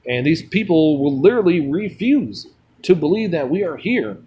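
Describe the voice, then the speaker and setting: A man's voice: on the high side, big pitch swings, normal speed, husky, highs cut off. A man streaming a mobile game, rambling bluntly between chat replies and swearing freely. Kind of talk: rambling casual chat while gaming.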